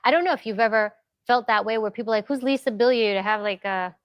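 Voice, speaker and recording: A woman guest in an interview, talking in a reflective, measured way. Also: a little high, smooth, no echo, lo-fi sound. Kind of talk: interview conversation.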